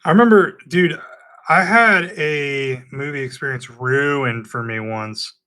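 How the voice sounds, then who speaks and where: A man telling a story on a podcast in animated casual chat, swearing freely and saying dude and bro. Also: fairly high pitch, slow, clean tone. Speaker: podcast co-host.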